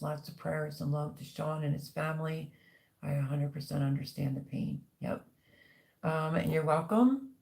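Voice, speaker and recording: A woman's voice: low-pitched, vocal fry, dark tone. A middle-aged woman hosting a casual livestream, chatting and reading out viewer comments with lots of ums. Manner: chatty, rambling, many ums. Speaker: livestream host.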